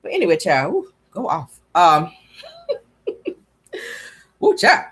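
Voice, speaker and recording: A woman's voice: on the low side, wildly swooping pitch, moderate pace, a bit bright, slightly rough. A woman hosting a reality-TV recap show, talking in a sassy, wisecracking way.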